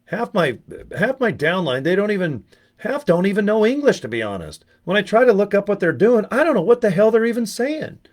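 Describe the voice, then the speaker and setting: A middle-aged man chatting casually to camera as a network marketing vlogger, rambling, swearing freely and jumping into animated stories. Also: high voice, a little fast. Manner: profane, rambling, animated storytelling. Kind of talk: casual talking-head chat.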